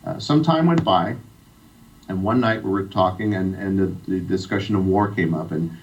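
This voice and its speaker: A man's voice: deep voice, moderate pace. Earnest man from Iran telling his story. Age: middle-aged. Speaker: guest. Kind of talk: personal storytelling interview. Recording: distant, dull radio sound.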